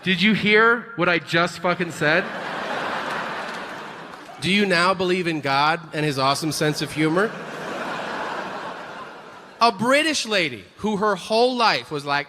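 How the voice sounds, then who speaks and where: A man's voice: high-pitched, a little slow, long pauses, long reverb tail. A man doing a brash, crude stand-up comedy set on stage before an audience. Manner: brash, animated, crude punchlines. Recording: live stage mic with room noise.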